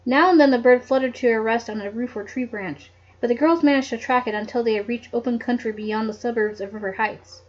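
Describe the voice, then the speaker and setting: Casting: a casual, giggly female reader with a fairly high voice and lo-fi home audio. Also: a little fast. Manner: giggly, chatty asides. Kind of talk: casual read-aloud with asides. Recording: dull lo-fi home recording.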